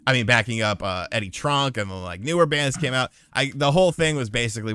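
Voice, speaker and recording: A man's voice: medium pitch, quick pace, hardly any pauses, smooth, dry recording, clean studio sound. A man hosting a podcast aftershow, telling a profane story in casual chat and answering viewers. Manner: animated, profane anecdote telling, reads live chat.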